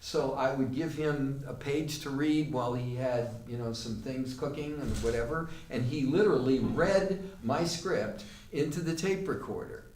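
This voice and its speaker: A man's voice: medium pitch, moderate pace, hardly any pauses, a little mellow. A man teaching an acting class, telling a long anecdote in a conversational way with fillers. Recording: roomy, distant mic with faint noise.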